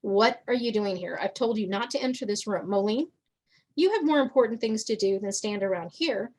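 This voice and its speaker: A woman's voice: medium pitch, moderate pace, darkish tone, close to an everyday voice. Stern male guardian, grave warnings, a woman reads him. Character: stern male protector of his people.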